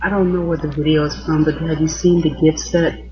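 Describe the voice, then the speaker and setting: A woman's voice: deep voice, level tone, fairly quick, a little mellow, faint music behind. A woman in her late thirties co-hosting a casual celebrity chat, gushing and exclamatory. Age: late 30s. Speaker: podcast co-host. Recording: dull lo-fi recording.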